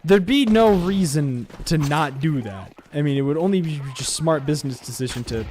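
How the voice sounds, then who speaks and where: A man streaming a shooter game, rambling to his viewers between sudden excited outbursts. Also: on the high side, normal speed, slight background noise. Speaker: gaming streamer. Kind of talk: live gameplay commentary chatting to viewers.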